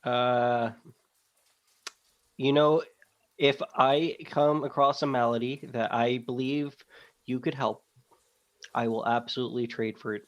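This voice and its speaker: A man in a tabletop role-play session, talking in a mid-range voice. He rattles off smooth salesman patter broken up by lots of uhs and restarts. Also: medium pitch, steady tone, muffled recording. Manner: fast-talking salesman patter with many fillers. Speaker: player.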